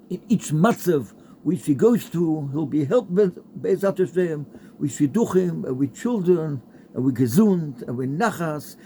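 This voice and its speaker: A man's voice: a little high, gravelly, dark tone, a little hiss or hum. A man giving a heartfelt Torah talk with a story, mixing in Hebrew and Yiddish terms. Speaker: Torah speaker.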